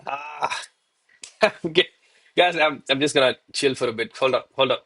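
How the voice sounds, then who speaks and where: A gold trader from South India live-streams commentary on his trades, scolding himself in a casual, exasperated way and peppering his talk with "bro" and "man." His medium-pitched voice is a bit bright, at normal speed with long pauses.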